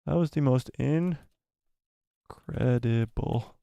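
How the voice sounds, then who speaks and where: Some guy hosting a live watch party stream, super excitable, keeps repeating stuff, dry mic sound. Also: mid-range voice, brisk, no room sound, muffled recording. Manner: excitable, exclaiming, repeats himself. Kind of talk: live watch-party chat, reading viewer comments.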